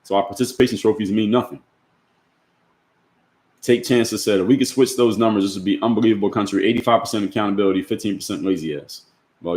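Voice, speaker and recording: A man's voice: on the low side, a little mellow, roomy sound. A man hosting a livestream, reading chat comments and answering them bluntly with rhetorical questions. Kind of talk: opinionated livestream talk.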